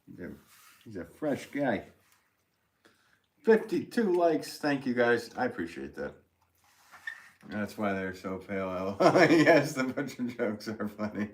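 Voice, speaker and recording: A man's voice: medium pitch, big pitch swings, takes it slowly, pauses often, a little hiss or hum. A man with a New England accent, hosting a casual livestream while he works, reading viewer comments, joking and laughing often.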